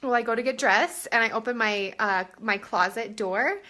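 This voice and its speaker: A woman in her thirties with a fairly high, sharp voice chats at normal speed on a casual live stream from a room at home. She rambles with lots of fillers, her phone held at arm's length as the mic.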